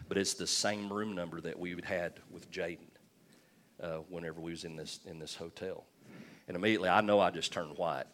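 A man's voice: low-pitched, a bit bright, slight background noise. A man preaching a sermon, telling a personal story and calling for amens. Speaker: pastor.

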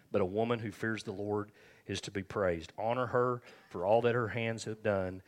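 A man preaching a sermon as pastor, folksy and joking, calling on the congregation for amens. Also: lowish voice. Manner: calls for amens from the crowd.

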